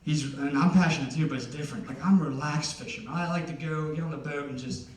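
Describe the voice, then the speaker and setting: A man's voice: fairly high pitch, fast. Rambling young man doing stand-up. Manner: rambling, chatty, lots of "like". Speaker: stand-up comedian. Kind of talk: stand-up comedy. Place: concert hall. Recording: roomy hall from a distance.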